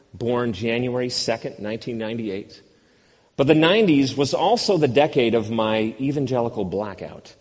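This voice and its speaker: A man's voice: mid-range voice, in a large hall. A man in his fifties, a pastor preaching a sermon with a wry, self-deprecating storytelling manner.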